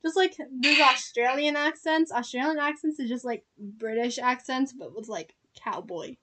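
High-voiced young woman, casual chatty co-host, giggly and rambling. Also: normal speed, pushed and bright, slight background noise. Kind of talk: casual chat.

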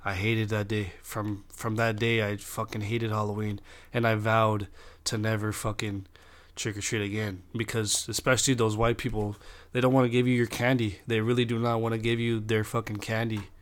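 A man's voice: lowish voice, level tone, normal speed. A young man from Southern California telling a story in a casual, profane rant, full of filler words.

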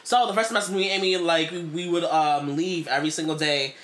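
An excitable young man in his late twenties tells a story on a casual podcast. His voice is bright and forceful, and he swears freely as he talks. The delivery is animated throughout. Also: a little high, fast. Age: late 20s. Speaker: podcast co-host.

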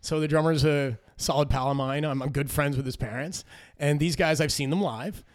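A man talking casually as a brewer guest, rambling and animated as he tells stories. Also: fairly high pitch. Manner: rambling and animated, quick laughs. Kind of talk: casual interview chat.

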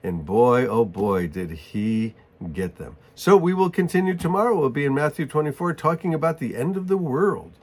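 A man reads a Bible passage aloud and explains it in casual asides. He clears his throat often. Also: medium pitch, very animated, moderate pace, hardly any pauses. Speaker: Bible teacher. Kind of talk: Bible reading with commentary.

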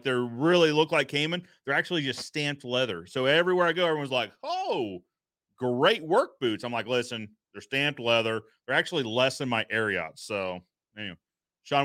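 A man's voice: mid-range voice, brisk, a bit bright, dry recording, studio quality. A man hosting a podcast in casual live-stream chat, upbeat, greeting viewers and reading their comments aloud. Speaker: podcast host.

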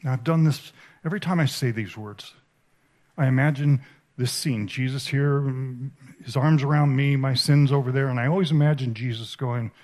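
A man giving a sermon at a conference, telling an emotional story with halting, repeated starts. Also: mid-range voice, steady tone, darkish tone. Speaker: conference speaker. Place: conference stage.

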